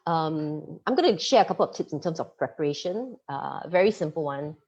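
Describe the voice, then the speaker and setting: Fast-talking woman coaching online, husky voice. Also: low-pitched. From Singapore. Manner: fast-talking, lively, laughs easily. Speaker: media coach giving a masterclass. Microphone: computer mic on a video call. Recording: dull lo-fi video-call audio.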